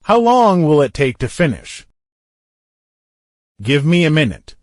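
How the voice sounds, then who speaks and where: Unhurried and very animated, a man with a highish voice reads simple English phrases for beginners, giving each one alone before placing it in a longer sentence. He's an English teacher, recorded in clean studio sound with no echo.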